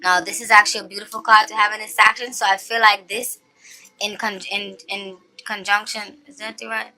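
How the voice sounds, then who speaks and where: A woman giving a casual tarot reading to her viewers. She is chatty and animated, often checks in with "okay?", and slows down to stress her points. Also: mid-range voice. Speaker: tarot reader.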